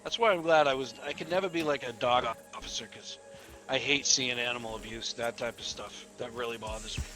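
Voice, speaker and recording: Bright-voiced cop telling rambling stories. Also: male voice, mid-range voice, brisk, soft background music. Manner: rambling, profane, often laughing. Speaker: police officer. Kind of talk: casual storytelling in game voice chat.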